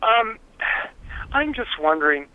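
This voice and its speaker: A man leaving a hesitant voicemail full of pauses and fillers. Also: sits high, very animated, clear, resonant tone, phone-quality sound. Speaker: caller. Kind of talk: voicemail message. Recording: noisy phone voicemail.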